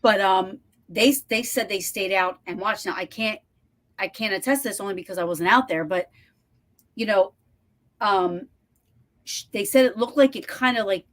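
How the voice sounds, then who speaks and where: A woman hosting a podcast over a video call, telling a story in animated, breathless bursts with lots of restarts and some swearing. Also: mid-range voice, normal speed. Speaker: podcast host. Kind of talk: casual storytelling chat.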